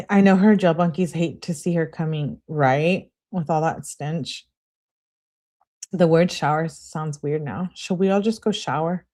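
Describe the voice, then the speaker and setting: A woman's voice: low-pitched, darkish tone. A woman hosting a live stream who gives casual commentary with sarcastic, mocking asides. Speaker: livestream host.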